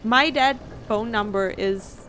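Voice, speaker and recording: A woman's voice: a little high, slow pace, noisy background. Laughing, swearing woman streamer. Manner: laughs often, swears freely, animated storytelling. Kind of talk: casual chat while playing a game.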